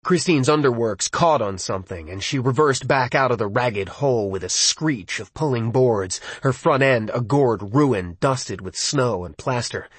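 A man reading a suspenseful novel aloud as an audiobook, in a measured, dramatic storytelling style. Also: mid-range voice, animated, breathy edge, no room sound. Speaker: audiobook narrator.

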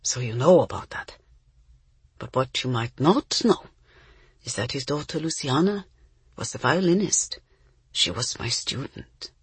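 A woman voicing an older male violin teacher, speaking slowly and quietly with a grave, gentle manner. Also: very deep voice, expressive, husky, no room sound, full character voice. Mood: solemn. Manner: slow, quiet, hushed.

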